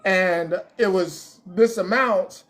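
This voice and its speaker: A woman mimicking a flat, by-the-book police investigator, in a slow, deadpan official delivery. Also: lowish voice, pitched below the performer's own voice.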